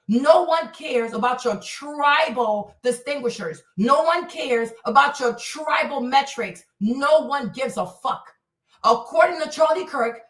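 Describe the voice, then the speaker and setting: High-pitched woman ranting profanely. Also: fairly bright tone, roomy sound, far from the mic. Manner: profane, confrontational, repeats insults. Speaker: streamer reacting to a clip. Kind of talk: livestream rant.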